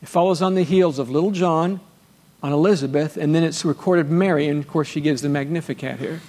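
A man preaching a sermon as pastor, quizzing his congregation and lifting his voice high and loud as he reads scripture aloud. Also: brisk. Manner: rises to loud exclaiming when reading scripture; asks the congregation questions.

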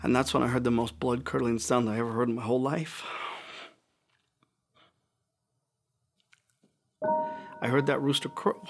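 An actor playing a remorseful, impulsive fisherman disciple in a dramatic monologue, halting and confessional, swelling into shouts. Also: medium pitch, creaky, close to an everyday voice. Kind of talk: dramatic monologue over music. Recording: music playing underneath.

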